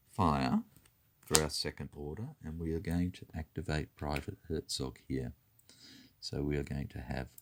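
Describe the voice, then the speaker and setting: A man's voice: a bass voice, a little mellow. A man talking through his moves in a tabletop wargame, methodically counting dice and spaces aloud. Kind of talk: talking through a board game turn.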